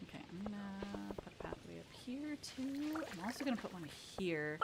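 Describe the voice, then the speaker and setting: A young woman streaming live, chatting casually with viewers, bubbly and talkative with loud exclamations. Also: mid-range voice, animated, normal speed, vocal fry, heavy background noise. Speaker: VTuber streamer.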